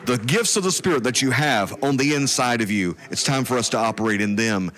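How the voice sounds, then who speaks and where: A man's voice: mid-range voice, a little fast, fairly bright tone, a faint crowd. A man speaking as a guest preacher on a talk show, earnest and emphatic.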